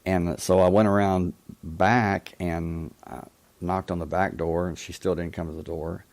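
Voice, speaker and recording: A man hosting a call-in talk show, telling a personal story in a reflective, halting way. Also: low-pitched, steady tone, darkish tone. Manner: reflective, halting, with frequent restarts. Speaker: radio call-in show host.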